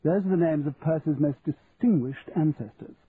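A man's voice: on the high side, moderate pace, voice pushed up, lightly acted. A man voicing a witty, upper-class English lady who teases her guests in a posh drawl. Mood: teasing. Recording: tinny, phone-like audio, faint hiss.

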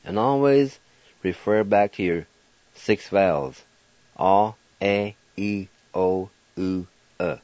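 Slow, patient low-voiced man teaching words. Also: a little mellow, no room sound. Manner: slow, patient, spells out letters and repeats syllables. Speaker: language teacher and radio host. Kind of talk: radio language lesson. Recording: dull lo-fi radio recording.

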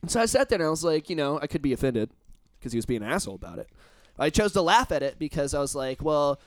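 A man's voice: on the high side, big pitch swings, rapid-fire, no echo. Man chatting, rambling and swearing, dry sound. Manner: rambling, swears a lot, emphatic. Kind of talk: casual chat.

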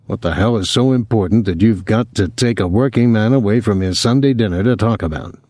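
A man voicing a gruff, irritable working-class father, middle-aged and quick to take offense. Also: on the low side, a little mellow, no echo, studio quality, close to an everyday voice.

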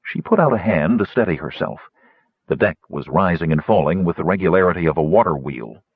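A male narrator tells an adventure tale in a low, husky voice that rises and falls with lively inflection. The recording is dry and close, though a little dull and lo-fi. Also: fairly quick, dry recording. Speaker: audiobook narrator. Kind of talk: scripted fantasy narration.

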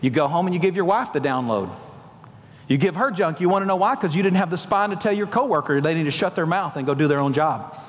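A man preaching a sermon as pastor, animated, acting out quoted voices and putting questions to the congregation. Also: on the high side, fast, in a large hall. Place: large church hall.

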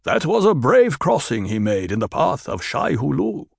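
A man doing a stern desert chieftain, slow and grave. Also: mid-range voice, big pitch swings, creaky, husky, dry recording, studio quality, pitched above the performer's own voice, full character voice. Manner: measured, slow, authoritative. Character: stern commanding desert tribal leader, tall man. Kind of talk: audiobook character voice.

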